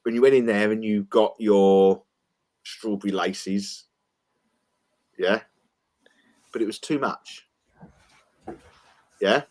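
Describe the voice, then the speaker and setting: A man's voice: on the low side, slow pace, pauses often, a little mellow. Eager man interpreting a dream. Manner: eager, interpreting, stumbles on words. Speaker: talk show co-host. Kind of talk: casual chat.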